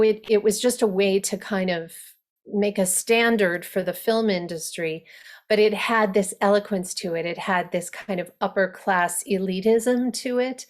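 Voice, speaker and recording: A woman dialect coach teaching an online workshop over a video call, speaking with animated enthusiasm. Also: medium pitch. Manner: animated, enthusiastic, laughs easily.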